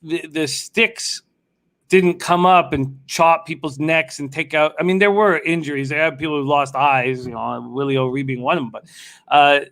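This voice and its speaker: A man's voice: a little high, steady tone, normal speed, a bit bright. A man hosting a live sports betting show, chatting loosely, swearing now and then while he places bets. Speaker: sports betting radio host. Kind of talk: casual live show chat.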